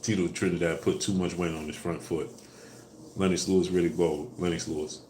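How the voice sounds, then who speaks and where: A man hosting a casual live stream, answering viewers in a relaxed way with fillers, louder when asking for likes. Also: deep voice, brisk, slight background noise. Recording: echoey room with faint ambience.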